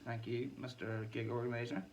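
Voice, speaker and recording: A man's voice: mid-range voice, flat delivery, fairly quick, a little mellow, distant mic, low-quality recording. A man, a musician hosting his own vlog, chatting in a loose, self-deprecating way and laughing often. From Ireland. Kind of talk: casual rambling monologue.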